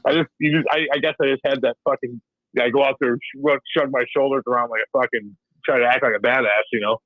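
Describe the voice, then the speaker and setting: The man talks fast at a medium pitch with fairly even intonation; the phone-quality audio has no room sound. A former hockey enforcer, he's a guest in a casual interview full of swearing, laughter, and acted-out quotes from the past.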